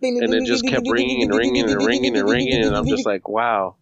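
A man co-hosting a casual podcast, talking in a halting way with many restarts and occasional swearing. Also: medium pitch, huge pitch swings, muffled recording. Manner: halting, restarts often, swears when flustered. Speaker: podcast co-host. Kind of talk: casual chat.

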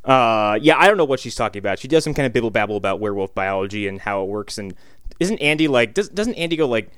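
A man's voice: lowish voice, animated, fast, fairly bright tone, clean tone, dry recording, clean studio sound. A man trading sarcastic, sweary remarks about a film as podcast co-host. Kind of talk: casual movie review chat.

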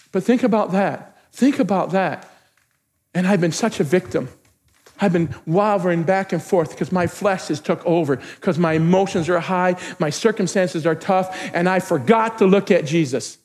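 High-voiced impassioned male preacher. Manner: impassioned preaching, swings from quiet to shouting, repeats himself. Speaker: pastor. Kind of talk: sermon. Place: church sanctuary. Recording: long church hall reverb.

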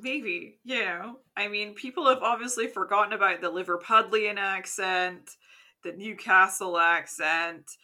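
Bright, wry female podcast co-host. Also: mid-range voice, a little slow. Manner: dry, wry remarks with frequent laughs. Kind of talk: casual podcast chat.

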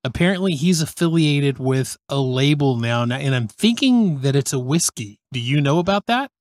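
A middle-aged Texan man chatting as a podcast guest. He talks at an average pitch in a friendly, easygoing way, and the recording is close and dry. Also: lively intonation, moderate pace, no room sound. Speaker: podcast guest, radio host. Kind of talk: casual chat.

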